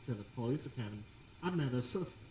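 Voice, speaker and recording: Middle-aged man host in an echoey, rumbly room. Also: lively intonation, very fast, darkish tone, distant mic, slight background noise. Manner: storytelling, laughing, loose. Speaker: podcast co-host. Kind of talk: casual chat.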